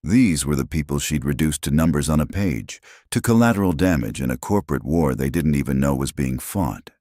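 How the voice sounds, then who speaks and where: A man's voice: a bass voice, lively intonation, fairly quick, dark tone, no echo, studio quality. A man narrating a scripted story with a dramatic, suspenseful delivery.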